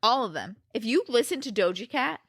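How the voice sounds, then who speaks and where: A woman co-hosting a casual podcast, telling stories in an animated, joking way from a living room. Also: fairly high pitch, a little fast, slightly rough, dry recording, studio quality. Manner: animated, jokey storytelling. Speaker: podcast co-host. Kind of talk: casual chat.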